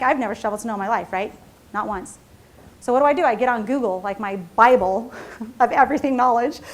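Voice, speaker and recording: A middle-aged woman, an entrepreneur, telling a chatty, self-mocking story at a seminar, laughing often and tossing in "right?". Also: fairly high pitch. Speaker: entrepreneur and CEO giving a seminar talk. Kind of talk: storytelling keynote talk.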